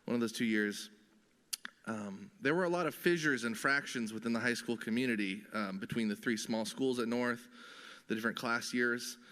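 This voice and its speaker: A young man giving a measured memorial speech, pausing often with "um". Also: fairly low pitch, a bit bright, smooth. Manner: measured, with many pauses and "um"s. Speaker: memorial speaker. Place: large theater. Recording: long reverb of a large hall.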